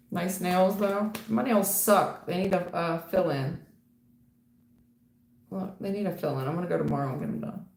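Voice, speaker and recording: A woman's voice: lowish voice, gravelly, a little mellow. A woman reading tarot for viewers on a livestream, blunt and casual, calling people hun and baby, laughing and swearing. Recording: roomy echo with faint noise.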